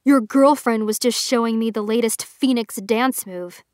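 A smug, careless young man tossing off snide remarks in a storybook, as a woman reader puts him on. The voice sits a touch high and the sound is dry and close. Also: normal speed, dry recording, close to an everyday voice. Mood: mocking. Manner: snide, offhand.

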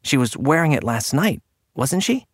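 A determined young woman speaks with firm resolve and an earnest edge, as a male narrator puts her on, his voice lifted above its usual low register. The delivery is close and dry, with no room around it. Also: big pitch swings, normal speed, dry recording. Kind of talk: audiobook character reading.

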